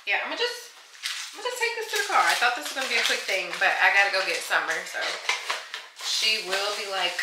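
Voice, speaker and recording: A woman and mom of three vlogging casually to her viewers, chatty and animated, laughing often, filming on a phone from her car and out shopping. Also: mid-range voice, moderate pace, noisy background. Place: in a car, later inside a large store. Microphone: phone on a car mount.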